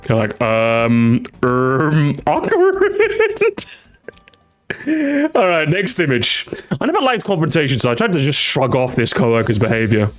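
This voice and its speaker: A man's voice: medium pitch, big pitch swings, fast talker, a bit bright, faint music behind. A young man doing casual stream reaction commentary, sarcastic and mocking, often restarting his sentences.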